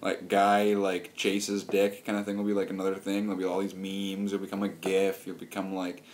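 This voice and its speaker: A man's voice: low-pitched, monotone, fast talker, darkish tone, slight background noise. A man talking casually in a loose, meandering way, restarting sentences and riffing on silly wordplay. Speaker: vlogger. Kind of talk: crude comedic rambling.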